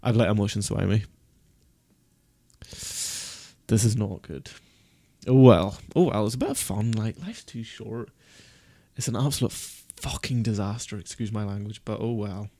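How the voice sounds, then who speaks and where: Male live streamer, gravelly mid-pitched voice, dry close sound; frets and scolds himself. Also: a little slow, pauses often, dark tone, dry recording. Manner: panicky, self-berating, swears. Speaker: fantasy football streamer. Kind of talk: casual live-stream chat.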